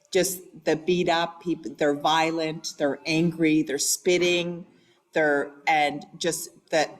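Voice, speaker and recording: Empathetic woman life coach speaking. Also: low-pitched. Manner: animated, empathetic, repeats phrases for effect. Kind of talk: training talk to a hybrid audience.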